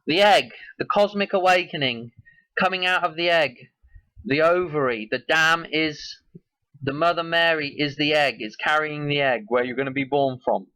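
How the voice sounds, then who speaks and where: A man's voice: a little high, moderate pace, pushed and bright, dry recording, poor audio. A man hosting his own video, talking casually and in a rambling way as he links one idea to the next. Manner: musing, loosely connects ideas. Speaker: video host.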